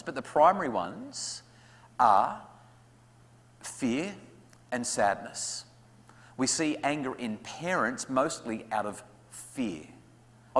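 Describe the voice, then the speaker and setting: A man's voice: medium pitch, a bit bright. Australian man giving a talk in a hall. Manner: conversational and humorous, acts out parents' lines. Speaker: guest speaker on parenting. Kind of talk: public talk to parents. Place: school hall. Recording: long hall reverb.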